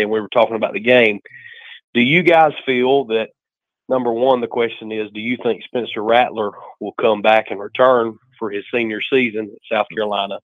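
A man's voice: on the low side, no echo. A man calling into a sports talk show, friendly and rambling with many fillers, over a tinny phone line. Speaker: caller. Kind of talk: sports call-in question.

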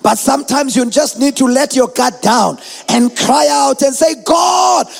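Male preacher, very high gravelly voice, chanted sermon delivery with shouted peaks, reverberant hall. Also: moderate pace, soft background music. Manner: chanting, sing-song preaching that rises to shouts.

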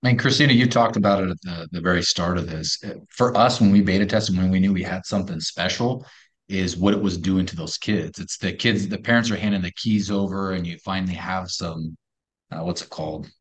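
A man with a low-set voice talks up his product in a podcast interview. He speaks emphatically and persuasively and leans on rhetorical questions to make his point. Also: brisk. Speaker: company co-founder pitching a product.

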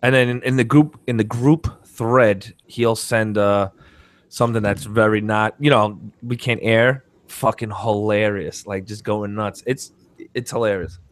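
A man's voice: lowish voice, steady tone, unhurried, dry recording. A man in a casual sports chat, laid-back and joking.

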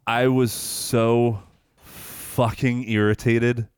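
A man's voice: mid-range voice, level tone, drawn-out words, smooth, dry recording, studio quality. A young man co-hosting a podcast, chatting casually, rambling and swearing a lot with many restarts. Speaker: podcast co-host. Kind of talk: casual chat.

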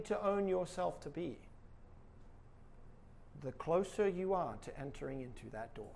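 A man's voice: a little high, lively intonation, unhurried, creaky, long pauses, a little mellow. A male pastor preaching a sermon with emphatic delivery and rhetorical questions.

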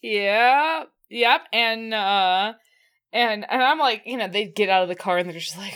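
Her mid-range voice is clear, resonant, and a little bright, moving at a moderate pace. As co-host of a casual podcast, she recaps the episode in easy chat, often laughing, gushing, and stumbling over words.

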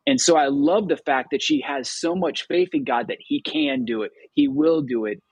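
A man hosting a Gospel reflection show, explaining scripture in an animated way and acting out the quoted words. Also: on the high side, brisk, creaky, hardly any pauses, husky, no room sound, lo-fi sound. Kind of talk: scripture discussion.

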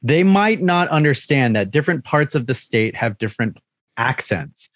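A man's voice: mid-range voice, big pitch swings, moderate pace, fairly bright tone, no room sound. Podcast co-host, man, neutral East Coast accent, giggly, stumbling starts, dry recording. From Maryland. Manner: laughs often, repeats starts. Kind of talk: casual chat.

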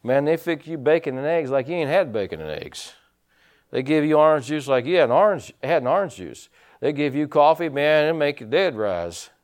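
Lively folksy preacher man. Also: a little high, normal speed. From United States. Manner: folksy storytelling preacher, rising and dropping loudness. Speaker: pastor. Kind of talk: sermon.

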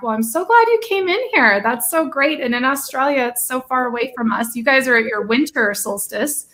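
A woman's voice: high voice, animated, a little fast, few pauses, fairly bright tone. A woman co-hosting a casual livestream chat, gushing and talkative, with lots of "like". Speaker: livestream co-host.

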